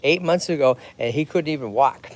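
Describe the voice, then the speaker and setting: Chatty massachusetts guy on a livestream outside, fairly high voice, keeps going "okay? right?". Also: fairly quick, a little hiss or hum. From Lowell, Massachusetts. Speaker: tortoise rescue host. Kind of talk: livestream chat. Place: outdoors at a tortoise pond.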